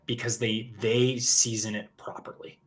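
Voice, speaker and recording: A man's voice: medium pitch, flat delivery, measured pace. A man co-hosting a livestream in casual chat, rambling and restarting his sentences. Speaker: co-host.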